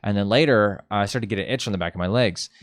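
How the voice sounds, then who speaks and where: A man's voice: lowish voice, quick pace, dry recording, studio quality. A young man rambling casually, telling a story with lots of fillers and self-mocking jokes. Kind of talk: casual chat.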